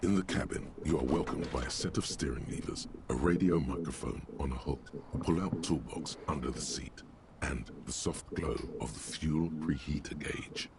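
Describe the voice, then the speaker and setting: An omniscient, wry inner voice narrating a detective game. The voice sits extremely low and crackles with gravel. Steady noise hums behind it. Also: male voice, moderate pace. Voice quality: deep and gravelly. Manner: grandiose, wry second-person narration. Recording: game audio with noticeable background noise.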